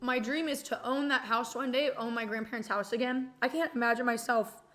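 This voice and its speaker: A woman's voice: fairly high pitch, fairly even intonation, brisk, a bit bright. A young woman streamer from Texas chatting casually and rambling, swearing freely and getting emotional as she talks. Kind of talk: casual chat.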